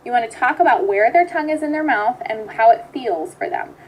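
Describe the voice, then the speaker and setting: A woman with a high voice gives a clear, upbeat instructional lesson, explaining speech therapy techniques step by step. She sounds like a practiced therapist talking straight to camera. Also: expressive, a little fast, poor audio.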